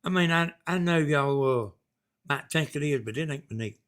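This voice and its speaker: A man's voice: fairly high pitch, normal speed, a bit bright. A man with a Southern US accent hosting a casual live stream, reading viewer messages and rambling in a folksy way.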